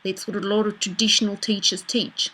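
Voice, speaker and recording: A woman's voice: medium pitch, flat delivery, brisk, sharp tone, slightly rough, rough recording. A middle-aged woman spiritual teacher speaking casually and bluntly in a live online talk. She answers viewer messages, swears now and then and laughs often.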